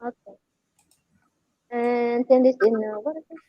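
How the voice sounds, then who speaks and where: A woman's voice: a little high, a little slow, no room sound. A woman hosting a casual livestream, chatting and reading out messages from viewers. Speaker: livestream host. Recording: dull, dry lo-fi mic.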